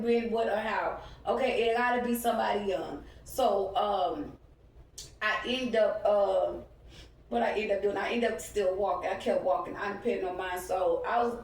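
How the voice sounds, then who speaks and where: A woman's voice: medium pitch, very echoey, distant mic, poor audio. A young woman vlogging outdoors while walking along a street, telling a profane, heated story on her phone. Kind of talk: casual ranting vlog.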